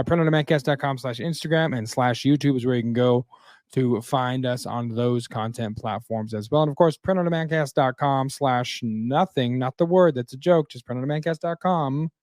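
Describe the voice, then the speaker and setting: A man's voice: medium pitch, moderate pace, a little mellow, dry recording. Joking man podcast co-host, dry sound. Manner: jokey, tells dad jokes. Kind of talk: casual podcast chat.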